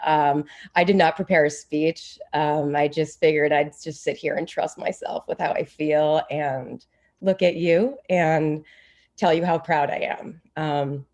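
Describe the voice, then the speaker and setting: A woman's voice: deep voice, fairly even intonation, measured pace, darkish tone. A woman in her thirties on a video call, giving an unprepared, heartfelt tribute to a friend, rambling and close to tears. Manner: rambling, gushing, many fillers. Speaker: former teammate giving a tribute.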